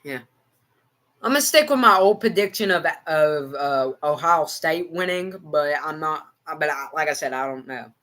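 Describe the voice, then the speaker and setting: A man's voice: a little high, expressive, normal speed, pushed and bright. A man with an American country accent giving rambling, repetitive live football reaction and talking to his chat. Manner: rambling, repeats himself, talks to chat. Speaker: livestream sports reactor.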